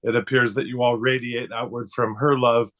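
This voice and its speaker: A man's voice: mid-range voice, level tone, normal speed, a bit bright. A man speaking on a video call who laughs often and jokes about himself while giving emotional thanks. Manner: giggly, emotional, self-deprecating. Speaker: participant.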